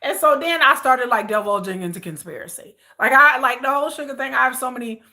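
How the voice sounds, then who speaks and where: A woman's voice: high-pitched, fast talker, bright, forceful tone. A woman vlogger chatting casually, ranting with exasperation, repeating herself and answering viewer comments. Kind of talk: casual chat.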